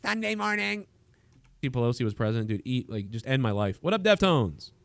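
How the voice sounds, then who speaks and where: A man's voice: medium pitch, big pitch swings, a little fast, creaky, a bit bright. A man hosting a livestream in casual chat, rambling with frequent restarts and trailing thoughts. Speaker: livestream host.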